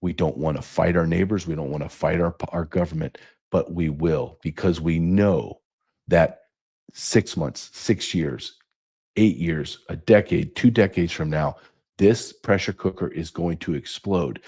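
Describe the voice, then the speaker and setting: Unhurried but angry, a middle-aged male podcast host delivers an impassioned monologue filled with profanity and rhetorical questions. His voice sits low, with a darkish, slightly rough tone.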